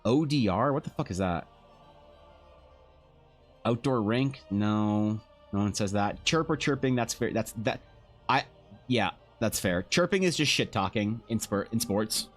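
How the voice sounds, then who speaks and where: Low-voiced sardonic Canadian man. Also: animated, measured pace, pauses often, soft background music. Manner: rambling, sardonic, profane. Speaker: streamer and artist. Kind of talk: casual stream chat.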